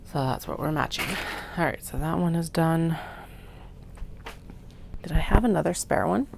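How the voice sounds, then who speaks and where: Vlog crafter, woman with a low gravelly voice, chatty asides, faint room hiss. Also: normal speed. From Canada. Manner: chatty, self-mocking, muttering to herself while cutting fabric. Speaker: craft maker. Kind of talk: casual work-along vlog narration. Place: home sewing studio.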